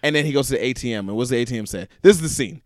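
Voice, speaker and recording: A man co-hosting a relaxed podcast, his pitch swinging widely as he tells stories. He swears often and laughs through his retellings. The recording is dry and close. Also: rapid-fire, dry recording. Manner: lively, laughing, profane, retells scenes. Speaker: podcast co-host. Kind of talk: casual chat.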